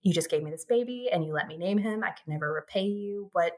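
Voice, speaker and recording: A woman's voice: lowish voice, fast. A woman in her thirties, a podcast guest, chatting casually and laughing often as she tells a story. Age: 30s. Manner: giggly, animated storytelling.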